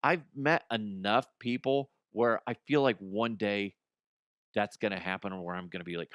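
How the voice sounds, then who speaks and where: A man's voice: lowish voice, unhurried, pauses often, fairly bright tone, smooth, dry recording, studio quality. A man hosting a comedy podcast, ranting animatedly with profanity and laughing at his own jokes. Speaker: podcast host.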